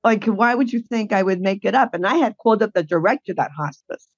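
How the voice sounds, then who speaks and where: A woman's voice: medium pitch, fast talker, husky, no room sound, dull audio. A woman guest telling her caregiving story in a blunt, indignant way. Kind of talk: emotional personal account.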